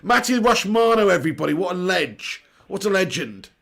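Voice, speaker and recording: A man's voice: sits high, very animated, moderate pace, vocal fry, fairly bright tone. A young man hosting a live football watch-along, chatting and joking while he reads out viewers' comments. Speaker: live stream host.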